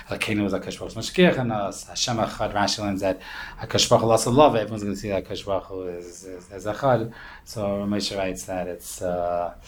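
A man teaching an informal Torah class, explaining in a loose, rambling way with many fillers and Hebrew terms. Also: lowish voice.

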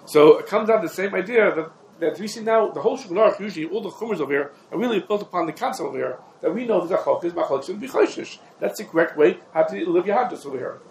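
A man's voice: high-pitched, lively intonation, low-quality recording. A man leads a halachic class, racing through his points with emphatic drive. His voice sits a touch above the usual range for a man. A faint hum of ambience stays under him. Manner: quick, emphatic, dense with Hebrew and Aramaic legal terms. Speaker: Torah class teacher. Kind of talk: rapid halachic lecture.

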